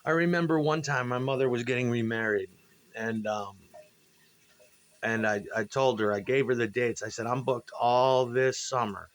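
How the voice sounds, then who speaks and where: A man's voice: medium pitch, normal speed. A man, a musician, telling rambling, profane stories about old gigs and acting out what people said. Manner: profane, rambling, animated when quoting people. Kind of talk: casual storytelling monologue.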